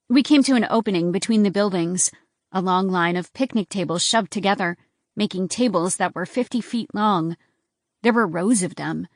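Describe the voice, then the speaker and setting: A woman's voice: mid-range voice, no echo, clean studio sound. A woman giving a tense, dramatic first-person audiobook narration.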